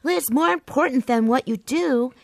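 A sensible girl lizard who talks earnestly and presses for the truth. Her voice is high and dry, close to the mic, in a cartoon. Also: moderate pace, vocal fry, dry recording. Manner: earnest, firm and probing.

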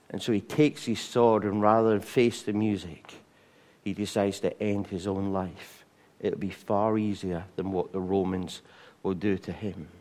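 A middle-aged man preaching a sermon, animated, acting out voices and singing. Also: fairly low pitch. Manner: animated, acts out voices, sings hymn lines.

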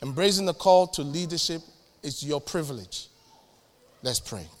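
A middle-aged man preaching a sermon in a church hall, animated and jokey, with sudden loud bursts and acted-out dialogues. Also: on the high side, moderate pace. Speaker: pastor. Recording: echoey church hall with long reverb.

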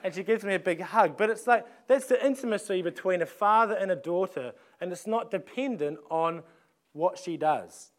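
A man's voice: high voice, animated, normal speed, a faint crowd. A man, preaching a sermon in a conversational way, often restarting phrases and asking rhetorical questions. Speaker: pastor.

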